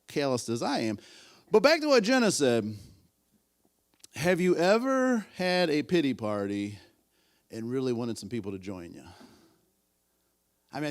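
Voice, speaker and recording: A man in his fifties leads a church class with a slightly high voice that swings up and down a lot. He talks casually, restarts his sentences and keeps checking in with the room. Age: 50s. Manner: rambling, repeats himself, asks the class questions. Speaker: Sunday school teacher.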